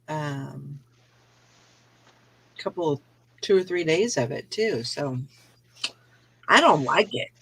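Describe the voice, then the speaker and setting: A chatty woman hosting a morning show, quick to laugh. Her voice is bright and sharp-edged. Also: fairly low pitch. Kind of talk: casual chat.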